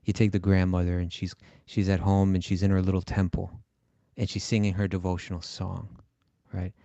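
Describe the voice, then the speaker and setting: A man explaining spiritual teachings in casual talk, thoughtful and full of restarts. His voice is low and mellow. The recording is dry and somewhat dull. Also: monotone, moderate pace, gravelly, no room sound. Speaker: podcast host and teacher.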